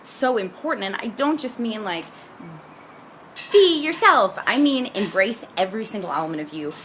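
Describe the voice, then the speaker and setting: A woman's voice: mid-range voice, lively intonation, fairly quick, slight background noise. A young adult woman chatting casually and upbeat in a vlog, bubbly and talkative with frequent restarts. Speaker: vlogger. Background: jazzy music playing.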